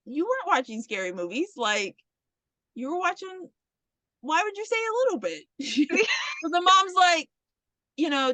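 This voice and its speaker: A woman with a high, bright voice recaps a horror film for her podcast co-host, jumping into the characters' voices as she goes. She talks casually and swears freely. The recording is dry and close. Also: moderate pace, dry recording. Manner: animated storyteller who acts out the characters' lines and swears freely. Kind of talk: casual chat, retelling a horror movie.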